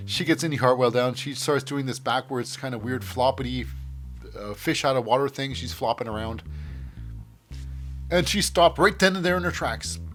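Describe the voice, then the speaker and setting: A man's voice: mid-range voice, moderate pace, a bit bright, soft background music. A man hosting a show, casually recapping in a rambling way, often acting out scenes in voices. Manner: rambling, many fillers and restarts, acts out scenes. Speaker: podcast host.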